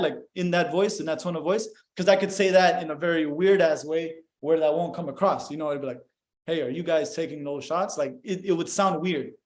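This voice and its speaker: Animated, profane young man in an echoey room. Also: sits high. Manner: animated, profane, acts out dialogue. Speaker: podcast guest. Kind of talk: casual storytelling chat.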